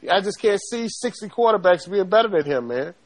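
A man's voice: high-pitched, lively intonation, fairly quick. A man with a Southern accent co-hosting a sports talk show, emphatic and folksy, calling everyone "man". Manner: emphatic, folksy, repeats 'man'. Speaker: co-host.

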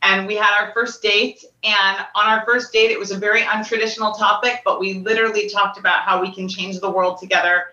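Bright, chatty woman on a distant call. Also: medium pitch, flat delivery, brisk, hardly any pauses. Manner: chatty, playful. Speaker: guest. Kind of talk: casual storytelling. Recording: distant echoey lo-fi call audio.

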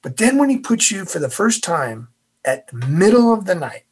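A man's voice: sits high, sing-song, normal speed, darkish tone, slightly rough. A man, a former navy officer, telling a story as a guest in an interview, acting out the voices.

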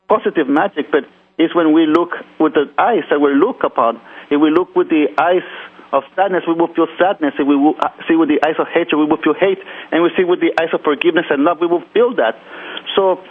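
A man's voice: fairly high pitch, fairly quick. Earnest man on a tinny radio line. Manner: earnest, with many restarts. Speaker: guest author. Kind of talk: reflective conversation about personal growth. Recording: tinny phone-like radio audio.

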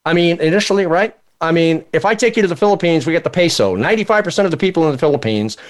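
An older man hosting a casual panel discussion, an animated storyteller who keeps checking in with his guests. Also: fairly high pitch, rapid-fire. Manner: animated storyteller, acts out voices in anecdotes. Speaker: host.

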